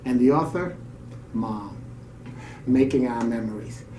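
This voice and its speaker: A radio co-host reads a story in a mid-range voice, a touch slow, pausing for warm, off-the-cuff reflections. It's captured on a distant mic in a roomy space with faint ambience and a little hiss or hum.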